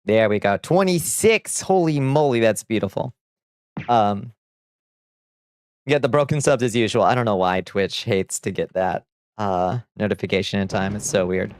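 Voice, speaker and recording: A man's voice: on the low side, steady tone, normal speed, clear, resonant tone, no echo, studio quality. A man streaming live, chatting casually with viewers, reading out chat and laughing often.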